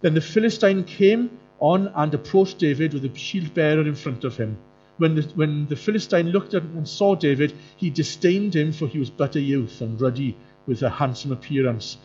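A male preacher, delivering a sermon in an animated way, often jumping into mocking voices. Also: normal speed. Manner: animated, jumps into high mocking voices for quoted characters. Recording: muffled lo-fi sound with faint music.

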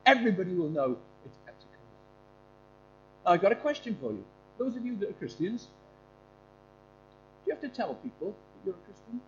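Lively high-voiced man preaching. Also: normal speed, pauses often. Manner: animated, quizzing listeners. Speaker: preacher giving a talk to a congregation. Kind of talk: informal sermon with questions to the audience. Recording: dull lo-fi with faint hum.

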